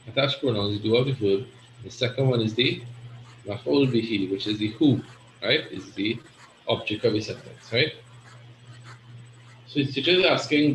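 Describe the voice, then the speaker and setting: A man's voice: mid-range voice, a bit bright. A man teaching an Arabic grammar class, explaining step by step and often checking in with "right?". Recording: echoey room with faint noise.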